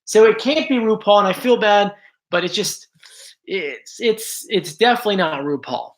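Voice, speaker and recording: A man's voice: high-pitched, animated, moderate pace. A man hosting a casual livestream, chatting to viewers with frequent restarts and apologetic asides. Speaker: host.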